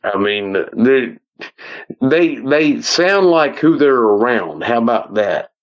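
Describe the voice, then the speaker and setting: Southern guy on a podcast, slow folksy rambling, kinda dull lo-fi audio. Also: mid-range voice, sing-song. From American South. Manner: rambling, folksy, restarts often. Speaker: podcast guest. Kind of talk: casual storytelling.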